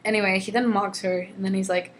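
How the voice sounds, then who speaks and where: A woman's voice: medium pitch, little pitch movement, fast talker. A young woman talks casually to her camera, openly mocking a book and sighing over its writing. She swings into exaggerated dramatic readings of the passages. A faint background hiss sits under her voice. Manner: exasperated, mocking, reads excerpts with exaggerated drama. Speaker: vlogger reading a novel aloud. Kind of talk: casual sarcastic book commentary.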